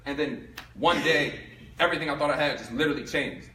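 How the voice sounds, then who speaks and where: A young man from Philadelphia giving a storytelling talk to a live audience, animated and acting out both sides of his story. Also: a little high, brisk, slight background noise. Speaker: speaker giving a talk on income. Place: room with an audience. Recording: echoey room.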